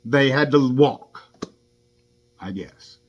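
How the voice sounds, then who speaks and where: A man's voice: mid-range voice, takes it slowly, muffled recording. A man who drives for a rideshare service, giving an indignant first-person account of a run-in with police. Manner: indignant, aggrieved storytelling.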